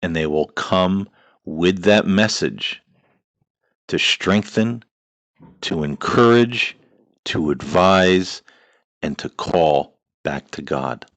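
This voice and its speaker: A man's voice: low voice, animated, slow, long pauses, fairly bright tone, no echo. A man hosting a paranormal talk show, speaking earnestly about faith in a preacherly cadence, with frequent "uh" and "you know" and long repeated lists. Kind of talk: earnest spiritual monologue.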